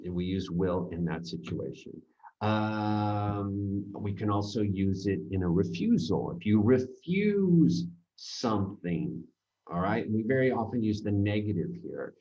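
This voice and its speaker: A man teaching a grammar seminar, explaining with halting, rambling sentences full of restarts and fillers. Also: lowish voice, lively intonation, warm tone, dull audio. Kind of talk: recorded grammar seminar lecture.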